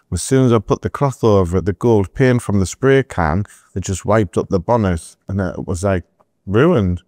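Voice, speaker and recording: A middle-aged man from England, telling animated stories as a guest in a podcast interview, with asides to the host. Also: fairly low pitch, normal speed, dry recording, clean studio sound. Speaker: entrepreneur guest.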